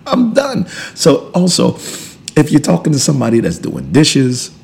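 A man, a pastor hosting a podcast, teaching in a relaxed conversational way, repeating and restarting words and chuckling between points. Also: medium pitch, normal speed, vocal fry. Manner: emphatic, preacherly build-ups.

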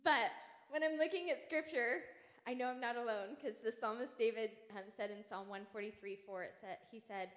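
A woman's voice: fairly high pitch, fairly quick. A woman in her thirties giving a casual, conversational sermon, peppering her talk with "right?" and "like" and telling a playful, exaggerated story. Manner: casual and animated, frequent "right?" and "like". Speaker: church speaker. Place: church sanctuary. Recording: long hall reverb.

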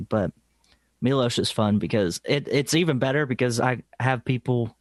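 A man's voice: mid-range voice, normal speed, dry recording. A young man co-hosting a podcast, chatting casually, swearing freely and laughing as he tells stories. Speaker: podcast co-host.

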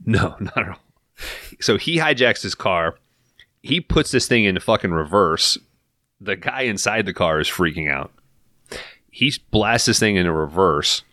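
A man on a podcast recapping a film in casual, profane, animated storytelling, acting out the characters' lines as he goes. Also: low-pitched, unhurried, pauses often, dry recording, studio quality.

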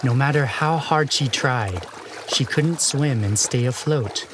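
A man narrating a short horror story with measured delivery and dramatic pauses. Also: mid-range voice, noisy background.

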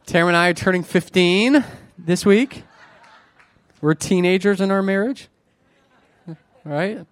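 A man's voice: on the high side, a little slow, long pauses, dry recording. A man in his forties preaching a chatty, conversational sermon to a congregation, full of self-deprecating jokes. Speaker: pastor. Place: church before a congregation.

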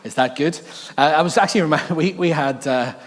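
A middle-aged pastor from Northern Ireland, with a Northern Irish accent, preaches a sermon in a large church hall. His voice is on the high side and a little fast, and he's chatty and joking, laughing often. The recording has a big-room sound.

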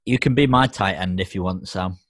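Laid-back man, low voice. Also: a little fast, a bit bright, no room sound, clean studio sound. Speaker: podcast co-host. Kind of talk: casual chat.

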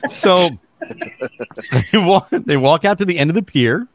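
Here a middle-aged podcast co-host, his voice high and a little slow, spins an animated story in relaxed conversation, performing each quote. There's slight background noise.

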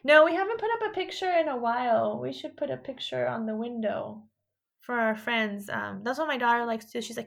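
A woman's voice: fairly quick, vocal fry. A woman in her thirties from California, co-hosting a podcast and telling stories in casual chat, acting out quotes. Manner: chatty storyteller, acts out quotes in a higher voice. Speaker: podcast co-host.

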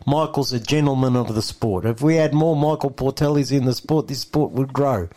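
A man's voice: mid-range voice, moderate pace, mellow. A man with an Australian accent hosting a radio show, friendly and bantering with his co-host and a guest. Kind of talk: casual radio chat.

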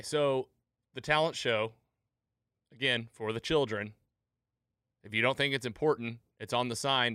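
A man's voice: on the low side, bright, forceful tone, clear, resonant tone, dry recording, clean studio sound. A man hosting a podcast, animatedly retelling a TV episode in casual chat and laughing at the jokes. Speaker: podcast host.

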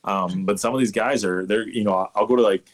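Rambling, lower-voiced man telling stories. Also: a little fast. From Canada. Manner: animated, rambling storyteller. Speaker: umpire guest. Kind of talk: casual interview chat.

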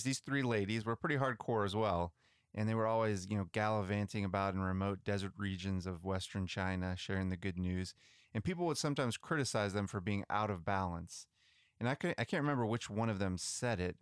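A man with a fairly low, smooth and resonant voice tells church history stories in a relaxed, chatty way, often restarting his sentences. The sound is close and dry, with no room in it. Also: brisk, no echo. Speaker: podcast co-host. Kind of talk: casual storytelling about missionary history.

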